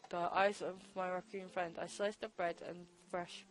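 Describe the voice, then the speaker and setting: A woman voicing a shy, soft-spoken bookish teenage girl, reading her lines hesitantly and quietly. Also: on the low side, level tone, normal speed, faint music behind, natural voice, poor audio. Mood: reflective.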